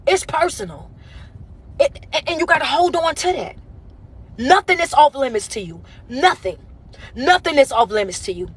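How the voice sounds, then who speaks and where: A woman's voice: sits high, expressive, moderate pace. A woman giving a motivational talk on a phone livestream, as a life coach, with an emphatic, repetitive, preacher-like cadence. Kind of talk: motivational live stream talk.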